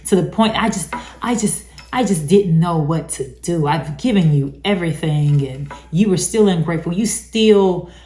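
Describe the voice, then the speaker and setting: A woman's voice: low-pitched, a little mellow, lightly acted. A woman mimicking a clingy, self-pitying charming man who speaks in a falsely bashful, pleading way. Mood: aggrieved. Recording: roomy echo.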